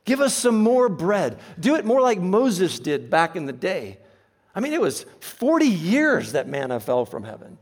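A man preaching a sermon, earnest and emphatic, slowing down to stress key phrases. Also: high-pitched, huge pitch swings.

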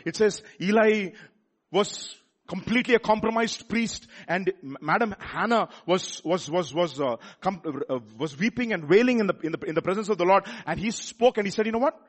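A man with a Telugu accent preaching a sermon, repeating words and building up to loud rhetorical questions. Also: sits high, expressive, brisk, slightly rough. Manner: repeats words and restarts phrases.

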